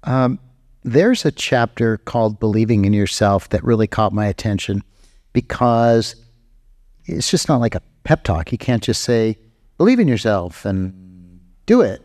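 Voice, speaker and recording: A man's voice: fairly low pitch, a little slow, darkish tone. A man hosting an interview, asking about a book in a conversational, prompting way. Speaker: interview host. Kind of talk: interview questions.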